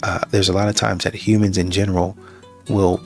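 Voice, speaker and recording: Deep, flat, gravelly male host. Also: soft background music. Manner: measured, reasoning aloud. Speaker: reaction show host. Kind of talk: commentary on a clip.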